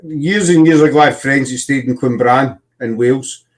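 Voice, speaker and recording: A man's voice: medium pitch, normal speed. Rambling Scottish man telling stories. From Scotland. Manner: rambling storyteller with many fillers and restarts. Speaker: podcast host. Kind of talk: casual chat.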